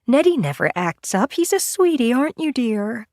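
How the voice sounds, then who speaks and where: A kindly ward nurse defends a patient in a raised, sing-song, cooing voice, as a woman reader puts her on. She sounds soft and protective, as if talking to a child. The recording is dry and close. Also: on the high side, sing-song, normal speed, dry recording, voice pushed up. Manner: cooing, sweet.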